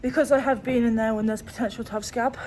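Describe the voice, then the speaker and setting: A woman's voice: fairly high pitch, fairly even intonation, quick pace, darkish tone, slight background noise. A woman, a sheep farmer, chatting casually with lots of ums while doing her chores outdoors. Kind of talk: casual farm vlog chat. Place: outdoors on a farm.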